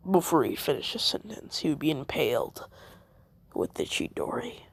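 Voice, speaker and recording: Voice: medium pitch, huge pitch swings, normal speed, creaky, slightly rough. A fan storyteller rambling through a story, full of fillers and self-corrections.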